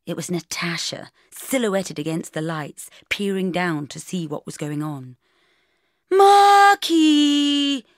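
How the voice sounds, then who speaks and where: A woman reading a first-person novel aloud as an audiobook, with a lively, wry diary-style delivery. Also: deep voice, unhurried, hardly any pauses, dry recording, clean studio sound. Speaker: audiobook reader.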